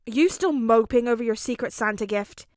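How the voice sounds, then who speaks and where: Brief: woman doing a shouty, brash teen boy, snappish, dry read. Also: a little high, lively intonation, normal speed, no room sound. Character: loud brash teenage boy, hot-tempered.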